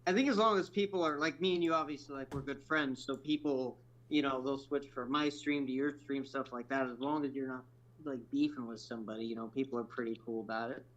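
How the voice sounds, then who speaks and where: A man from Oregon joins a storm-chasing livestream as a guest and talks in a relaxed, agreeable way. His voice has a mid pitch and comes through a slightly dull, lo-fi connection. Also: fairly quick. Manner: relaxed, agreeable, lots of filler words. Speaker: fellow storm chaser guest. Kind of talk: casual livestream chat.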